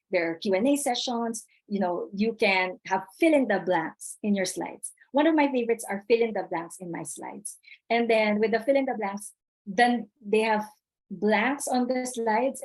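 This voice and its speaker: A woman's voice: mid-range voice, darkish tone, poor audio. Woman teaching a webinar on a computer mic, chatty, keeps repeating the main point. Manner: chatty, repeats key points, reads chat aloud. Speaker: webinar presenter. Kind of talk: live webinar talk.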